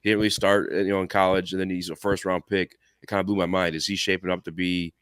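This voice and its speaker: A man's voice: low-pitched, flat delivery, quick pace, a bit bright, clean tone, dry recording, studio quality. A man co-hosting a casual sports podcast, loose and blunt, with stumbling starts. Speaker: podcast co-host.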